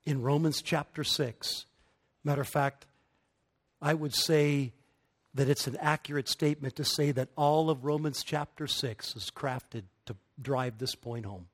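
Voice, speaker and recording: A middle-aged man preaching a sermon, emphatic and building to forceful peaks. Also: mid-range voice, steady tone, measured pace. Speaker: pastor.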